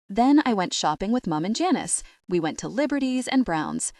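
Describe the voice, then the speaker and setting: A woman narrating a comic novel in the first person, expressive and animated. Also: medium pitch, moderate pace, no room sound, clean studio sound. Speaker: audiobook narrator.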